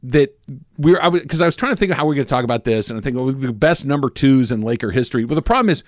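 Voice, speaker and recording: A man's voice: mid-range voice, expressive, racing, dry recording, studio quality. A man co-hosting casual sports talk, emphatic and restarting his sentences. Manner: emphatic, repeats words when starting.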